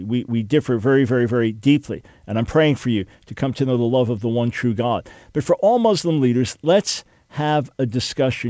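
A male radio talk show host speaks live from a studio with an earnest, emphatic rhythm that rises and falls like a preacher's. His voice sits at an ordinary pitch. It is captured dry and close, with no room sound. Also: a little mellow, no room sound.

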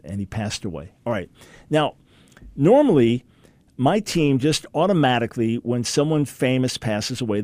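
A middle-aged man preaching on a broadcast, telling stories in a lively way and acting out the people he quotes. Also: dry recording. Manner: animated storytelling, acts out quoted people with big pitch jumps.

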